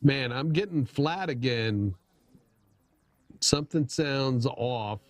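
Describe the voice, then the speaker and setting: A middle-aged man hosts a relaxed livestream, talking slowly and wandering from thought to thought. He pokes fun at himself and often restarts his sentences. His voice sounds dry and close, with faint music underneath. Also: medium pitch, dry recording. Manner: rambling, self-deprecating, many restarts. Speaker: livestream host. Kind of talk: casual livestream chat.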